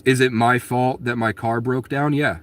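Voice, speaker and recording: A man's voice: medium pitch, fairly even intonation, moderate pace, fairly bright tone. A man telling his own story to viewers in a casual monologue, rambling and aggrieved, with frequent restarts and blunt swearing. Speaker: vlogger answering viewer questions.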